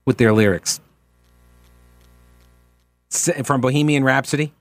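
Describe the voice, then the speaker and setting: A man's voice: mid-range voice, unhurried, no echo, faint music behind. An American man hosting a talk radio show, rambling and joking in a casual way. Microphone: studio microphone.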